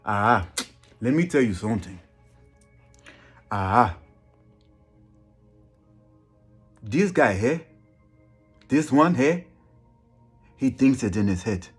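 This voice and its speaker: A man doing a put-on African accent, speaking slowly and teasingly. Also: mid-range voice, big pitch swings, slightly rough, soft background music, exaggerated voice.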